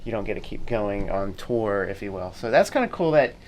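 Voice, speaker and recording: Middle-aged family-vlog dad, relaxed rambling delivery, light noise in the background. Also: male voice, lowish voice, fairly quick. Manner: easygoing, rambling with fillers. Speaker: family vlogger. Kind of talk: casual vlog chat.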